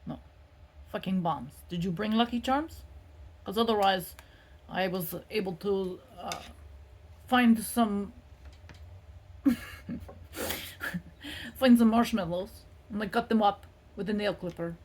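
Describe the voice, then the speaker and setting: A woman voicing a frazzled mother of small children with a put-on Ukrainian accent, complaining in an exasperated, deadpan way. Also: medium pitch, takes it slowly, pauses often.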